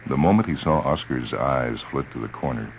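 A man narrating a story in a measured, dramatic reading on a tinny old radio recording. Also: extremely low pitch, expressive, slight background noise.

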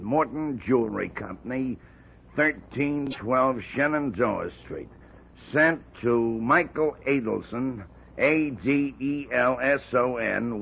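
An actor playing a friendly, chatty man in an old radio drama, with a gravelly, raspy voice. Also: medium pitch, highs cut off, slight background noise.

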